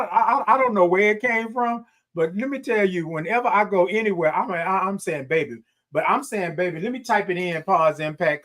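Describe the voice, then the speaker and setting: A man with a high, slightly bright voice hosts a morning livestream, casually chatting with the people watching. He reads their comments, calls back to them over and over, and laughs frequently in an upbeat way.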